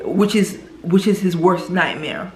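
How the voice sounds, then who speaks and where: A woman's voice: fairly low pitch, unhurried, darkish tone, slight background noise. A woman casually recapping a film plot, often checking in with the listener as she goes. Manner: chatty, frequently checks in with "right?". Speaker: film reviewer. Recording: echoey room.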